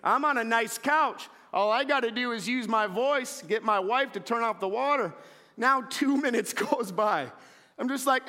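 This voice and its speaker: Man, thirties, pastor, bright high voice, lively sermon storytelling, long church reverb. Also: moderate pace. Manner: animated storyteller, acts out shouting scenes. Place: church sanctuary.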